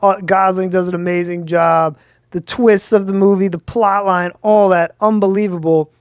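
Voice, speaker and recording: A man co-hosting a casual podcast, rambling in an animated way with lots of filler. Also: high-pitched, moderate pace, smooth, dry recording. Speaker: podcast co-host, lawyer. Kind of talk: casual chat.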